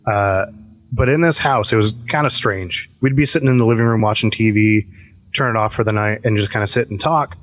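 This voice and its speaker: A man on a podcast telling a ghost story casually, with lots of uhs and restarts. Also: lowish voice. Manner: relaxed, halting with many fillers. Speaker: podcast guest.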